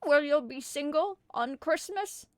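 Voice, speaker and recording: Lonely young woman, plaintive, earnest, storybook, woman doing the voice, slow. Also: high-pitched, expressive, dry recording, pitched above the performer's own voice.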